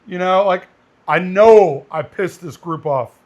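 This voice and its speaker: A man co-hosting a casual podcast, a firearms instructor telling stories in a blunt, animated way. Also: sits high, takes it slowly.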